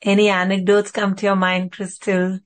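A woman's voice: medium pitch, completely flat delivery, moderate pace. A woman hosting a podcast, asking a guest encouraging interview questions.

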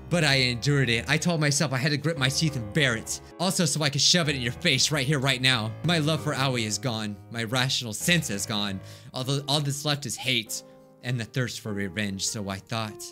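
A man's voice: medium pitch, moderate pace, pushed and bright, faint music behind. A young man hosting a let's play, reading visual novel text aloud with dramatic, exclaiming reactions. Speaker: gaming let's play host.

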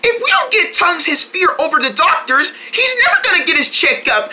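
A woman narrating a children's toy role-play as the mother, in an animated singsong way. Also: high voice, a little fast, hardly any pauses.

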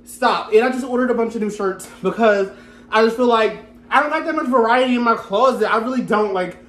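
A woman's voice: a little high, brisk. A young woman vlogging casually from her bedroom into a hand-held phone, sassy and slangy, laughing often. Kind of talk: casual chat to camera.

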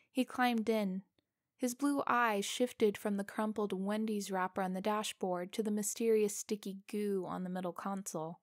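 A woman narrating a scripted first-person story in a slow, deliberate, suspenseful way. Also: medium pitch, fairly even intonation, dry recording, clean studio sound.

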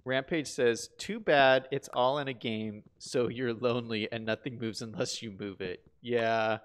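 A man's voice: mid-range voice, unhurried. A man live-streaming a building game, chatting casually, asking himself questions and reading viewer comments aloud. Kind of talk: casual live-stream chat while playing.

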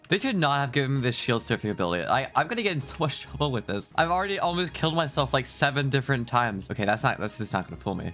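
A man's voice: mid-range voice, sing-song, fast talker, fairly bright tone, faint music behind. A young man giving let's play commentary, self-mocking and laughing often, breaking into yelps of alarm. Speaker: gaming YouTuber.

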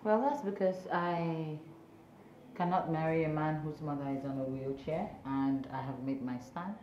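An actress with a Nigerian accent plays a haughty young woman, a scornful fiancée who coldly and dismissively gives orders in a film drama. Her voice is low and dark at a normal speed, close to how she'd sound day to day. The recording is echoey and dull, with music and slight background noise.

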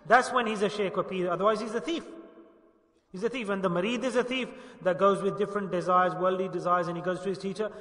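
A man's voice: high voice, fairly even intonation, fast, fairly bright tone. Emphatic preacher man in an echoing hall. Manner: emphatic, repeats key points. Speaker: Sufi preacher. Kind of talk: sermon. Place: gathering hall. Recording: echoey hall, long reverb.

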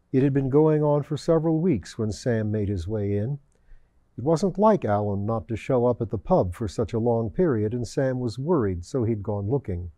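Male audiobook narrator, mellow and measured, close dry mic. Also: mid-range voice, dry recording. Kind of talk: storybook narration.

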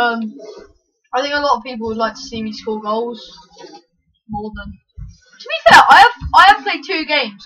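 A woman giving excitable live commentary over her own gameplay, yelling at the screen with quick self-mocking asides. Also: on the high side, highs cut off. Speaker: gaming channel host.

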